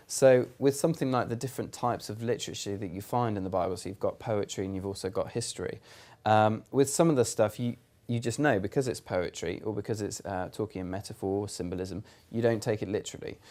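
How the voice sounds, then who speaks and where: A man's voice: lowish voice, a little fast, mellow. A young man with a British accent, explaining ideas in an earnest, conversational way, with fillers and restarts. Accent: British English. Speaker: youth church speaker. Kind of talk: casual explanatory talk to camera.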